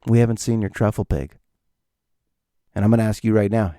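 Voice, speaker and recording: A man's voice: fairly low pitch, fairly even intonation, a little fast, long pauses, mellow, no echo, studio quality. A man hosting his own podcast, rambling jokily through a solo monologue and talking to himself. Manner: rambling, jokey, talks to himself. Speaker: podcast host.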